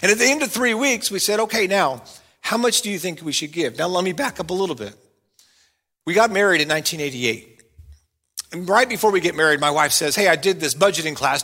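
A middle-aged pastor with a high, bright voice preaches a sermon to his congregation. His animated delivery swings between loud, playful bursts and quiet, earnest points.

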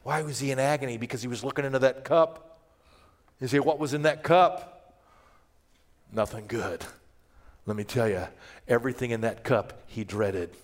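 A man preaching a sermon, moving between loud, emphatic passages and hushed, quiet ones. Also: medium pitch, normal speed, pauses often. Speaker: pastor.

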